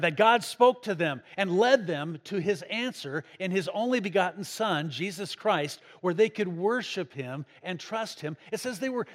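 A pastor preaching a sermon to his congregation, raising his voice for emphasis and asking them questions. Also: big-room sound. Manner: dynamic preaching, pitch and volume rising for emphasis, asks the congregation questions. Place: church.

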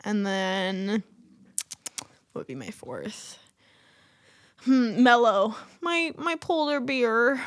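Lively, giggly woman podcast host. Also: on the high side, very slow, long pauses. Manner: giggly, animated teasing. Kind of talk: casual chat.

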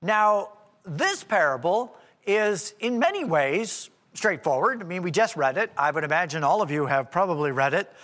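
Male preacher, high and animated, chatty explaining with asides, long church-hall reverb. Casting note. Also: normal speed. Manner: conversational, explaining with rhetorical asides. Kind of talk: expository sermon.

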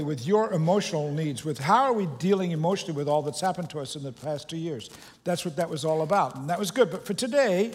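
Pastor preaching in an echoing hall. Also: male voice, sits high, a little mellow. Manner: conversational and joking, with loose restarts. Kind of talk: sermon. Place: church sanctuary.

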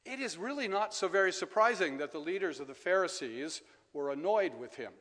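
A man preaches a sermon with a somewhat high voice. His delivery is measured, and he repeats key phrases softly for weight. The sound rings with the long reverb of a church hall. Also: expressive. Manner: measured, dropping to soft emphatic repetitions.

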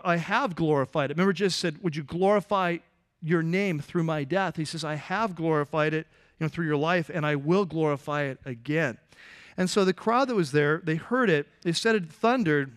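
Animated preaching man, fairly high voice. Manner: conversational and animated, with restarts and asides to the congregation. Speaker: pastor. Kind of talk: sermon.

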